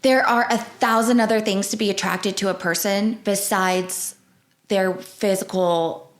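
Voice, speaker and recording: A woman in her thirties co-hosting a marriage podcast in casual chat, supportive and quick to rein in her co-host. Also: medium pitch, steady tone.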